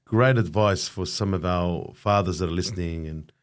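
Very deep-voiced male podcast host. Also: normal speed, dry recording. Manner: brief affirmations, warm interjections. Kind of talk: casual interview chat.

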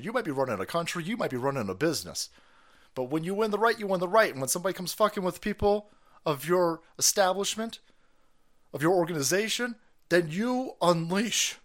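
A man's voice: fairly high pitch, fairly bright tone. A man ranting profanely and mockingly on his own stream as its host, laughing often. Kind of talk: profane political rant.

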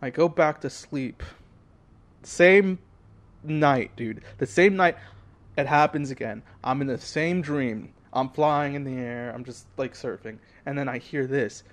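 A young man co-hosting a podcast, telling a story in a loose, animated way with lots of fillers. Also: medium pitch, moderate pace, hardly any pauses. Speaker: podcast co-host. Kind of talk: casual chat.

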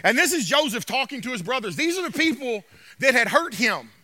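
A male pastor preaching in a church, driving his points home through repetition and frequent calls of "Amen?". His voice is very high and strikingly bright. The sound is dry and close. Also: very animated, fairly quick, dry recording. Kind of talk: sermon.

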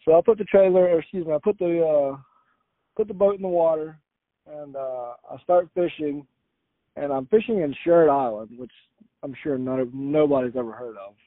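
Casual storyteller from Florida, man, slightly high voice, tinny phone-like line. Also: moderate pace, no echo. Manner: rambling, self-correcting with frequent "uh". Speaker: guest storyteller. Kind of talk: casual anecdote.

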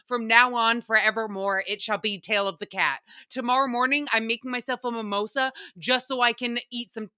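A woman hosting a podcast, chatting casually in an animated, profane way and laughing often. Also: a little high, moderate pace, few pauses, dry recording, studio quality. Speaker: podcast host recapping reality TV. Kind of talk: casual chat.

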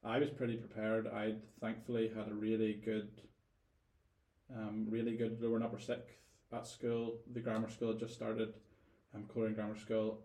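Northern Irish man, lowish voice, roomy sound. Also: monotone, normal speed, warm tone. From Northern Ireland. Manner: thoughtful, repeats words as he gathers thoughts. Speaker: guest. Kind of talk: casual interview storytelling.

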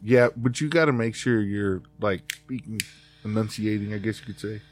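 A man's voice: lowish voice, moderate pace, soft background music. A man co-hosting a casual podcast chat, telling stories with a laugh and acting out what people said. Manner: animated storyteller, laughs often, acts out quotes. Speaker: podcast co-host.

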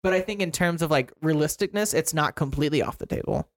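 A man's voice: a little high, fast talker. A young man co-hosting a casual movie podcast, talking loosely with lots of "like" and "um". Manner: filler-heavy, lots of "like" and "um". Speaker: podcast co-host. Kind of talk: casual movie news chat.

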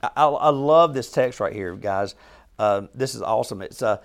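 Male Bible study leader, mid-pitched with a gravelly edge, informal, earnest and emphatic, often questions the group. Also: normal speed. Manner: conversational, asks the group questions, frequent restarts.

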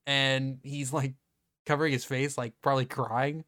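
A man hosting a podcast, retelling a movie scene by scene in a casual, profane and animated way. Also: mid-range voice, normal speed. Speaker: podcast host. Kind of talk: casual movie review chat.

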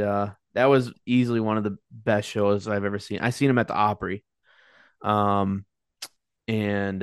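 A man's voice: fairly low pitch, clean tone, dry recording, studio quality. A man hosting a podcast, chatting casually and giving short agreeing replies. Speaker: podcast host. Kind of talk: casual chat.

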